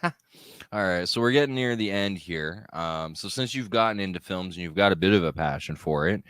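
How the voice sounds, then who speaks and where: A man's voice: low voice, a little fast, a bit bright, no echo. A man hosting a casual interview, joking and laughing often. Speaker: podcast host.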